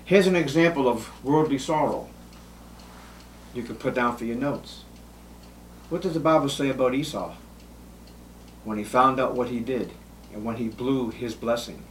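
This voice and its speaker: A man preaching a sermon, acting out Bible scenes with sudden jumps in pitch and volume. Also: normal speed, long pauses, a little hiss or hum. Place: church.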